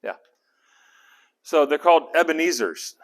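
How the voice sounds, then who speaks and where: A man leading a casual Bible study, animated and conversational, often asking the group questions. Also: on the high side, a little slow.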